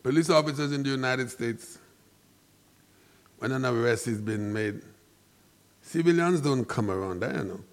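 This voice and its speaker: A man with a Saint Lucian accent giving an impassioned, emphatic monologue as a commentator, preaching and rising into loud outbursts. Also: medium pitch, normal speed, pauses often.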